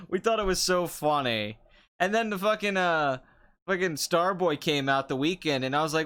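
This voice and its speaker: A man's voice: on the high side, lively intonation, normal speed, a bit bright, clear, resonant tone. A young man hosting a casual chat show, answering viewer comments in a sarcastic, rambling way and laughing often. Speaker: podcast host.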